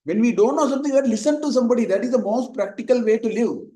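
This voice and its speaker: A man teaches a Vedanta lesson, telling little stories and working Sanskrit verses into an easygoing, digressive explanation. His voice sits high for a man, and the recording picks up a roomy echo around him. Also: very fast, warm tone. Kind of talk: spoken scripture lesson.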